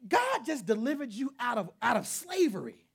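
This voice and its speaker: A man's voice: very high-pitched, sing-song, normal speed, gravelly, slightly rough, heavily acted. A man voicing Moses as an incredulous, exasperated leader who scolds a faithless crowd.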